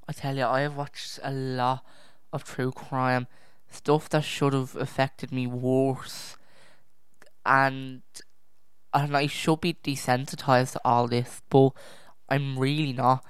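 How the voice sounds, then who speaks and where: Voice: medium pitch, level tone, takes it slowly, long pauses, clear, resonant tone, dry recording. Rambling young podcast host, dry close mic. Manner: rambling, self-correcting, easily distracted; sighs and drops to a near whisper at times. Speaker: true crime podcast host. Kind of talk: casual podcast narration. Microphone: own podcast microphone.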